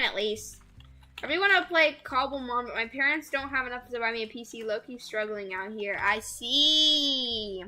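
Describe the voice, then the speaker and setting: Young female streamer, high and very bright, gushy and chatty, faint music behind. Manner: gushing, squeals over cute things. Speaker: VTuber streamer. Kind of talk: casual gameplay chat with viewers.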